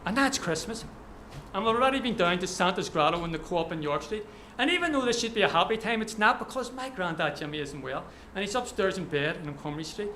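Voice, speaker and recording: A man's voice: sits high, expressive, fast talker, bright, forceful tone, a little hiss or hum. A man reading his own short story aloud at a live event, telling it vividly in the present tense. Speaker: author.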